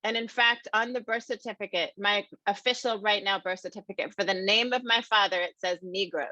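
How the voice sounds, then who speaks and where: Woman, about fifty, keynote speaker; bright, forceful voice, dry and slightly dull sound. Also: mid-range voice, fairly quick, dry recording. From American Midwest. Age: around 50. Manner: lively, conversational, addresses the audience as y'all. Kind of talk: conference keynote storytelling. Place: conference room.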